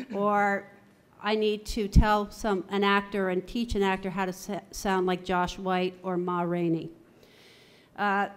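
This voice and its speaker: A middle-aged woman speaks at a university conference as a theatre voice coach. Her delivery is measured and articulate, often working through lists. Her pitch sits in an ordinary middle range. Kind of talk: conference talk.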